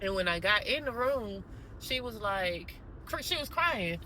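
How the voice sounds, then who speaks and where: A woman vlogger casually telling a story straight to her viewers, animated and conversational. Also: medium pitch, a little slow, slight background noise, rough recording.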